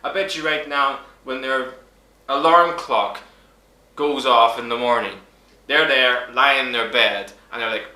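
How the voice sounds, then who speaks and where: Angry guy in his 20s ranting on his vlog, swears loads, bright edgy tone, echoey room. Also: mid-range voice, a little slow. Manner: furious, swearing, emphatic. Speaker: YouTuber.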